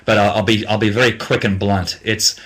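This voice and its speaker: A young Australian man, a music producer, answering viewer questions in a casual live Q&A, halting with many ums and restarts, blunt in his opinions, and getting tired. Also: lowish voice, little pitch movement, a bit bright.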